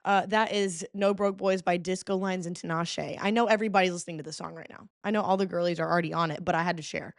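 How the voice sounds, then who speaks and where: A woman's voice: on the low side, steady tone, quick pace, few pauses, no room sound. Chatty young woman podcaster, dry mic. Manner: playful, dramatic, hums and sings along to songs. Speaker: podcast host. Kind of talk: casual solo podcast chat.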